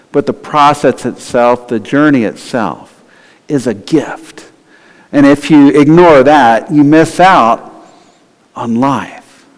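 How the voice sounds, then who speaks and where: Male pastor, conversational sermon, lively delivery, medium pitch, long church reverb. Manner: conversational, lively, acts out quoted voices.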